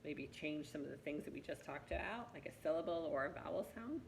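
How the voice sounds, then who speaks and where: Low, gravelly-voiced woman teaching reading. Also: animated, fairly quick, slight background noise, rough recording. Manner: patient, encouraging, coaxing. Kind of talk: one-on-one reading lesson.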